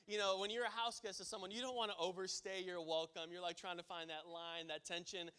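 High bright-voiced male preacher. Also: level tone, brisk, clear, resonant tone. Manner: conversational storytelling that builds to emphatic preaching. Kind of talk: sermon.

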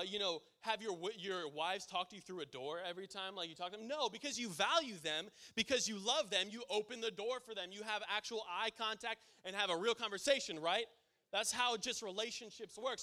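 A man's voice: high-pitched, bright, forceful tone. A male preacher giving a sermon, telling a casual story that builds to emphatic preaching.

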